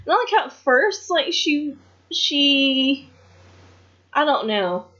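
A woman's voice: high voice, very animated, takes it slowly, pushed and bright. Female co-host, casual frank chatter with cursing, lo-fi podcast sound. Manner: frank, profane, trails off and restarts. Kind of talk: casual chat about wrestling. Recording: dull lo-fi podcast audio.

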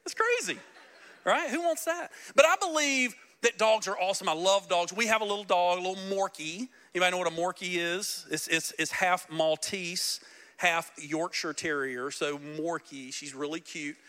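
A man pastor preaching a sermon, animated and joking, speaking directly to his congregation in a church. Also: high voice, normal speed. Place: church sanctuary.

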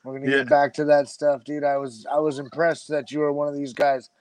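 A man's voice: a little high, level tone, brisk, no echo, rough recording. A middle-aged man saying casual goodbyes, laid-back and drawling with lots of filler words. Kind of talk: casual sign-off chat.

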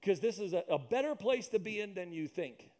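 The pastor's voice sits high and is a little mellow, with lively intonation and a brisk pace. Over the loudspeakers of his church, he preaches emphatically and repetitively, slipping in jokes and asides to the congregation.

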